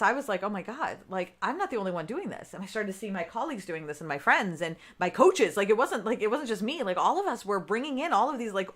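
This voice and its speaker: A woman's voice: mid-range voice, fairly bright tone. A woman business coach chatting live on her podcast to her viewers, often tagging "right?" onto her points. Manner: chatty, keeps asking "right?"; talks straight to her viewers. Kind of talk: live-streamed podcast chat.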